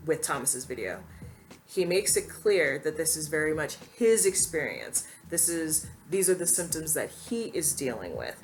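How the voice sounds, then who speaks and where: A woman giving earnest, emphatic opinion commentary to camera, now and then quoting others in a mocking voice. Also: low voice. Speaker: commentary YouTuber.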